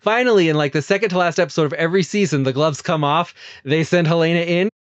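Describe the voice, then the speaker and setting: A man's voice: on the high side, fast, clean tone, no echo. Laughing man, dull lo-fi sound. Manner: laughs often, animated retelling. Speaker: podcast host. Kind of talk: casual film podcast chat.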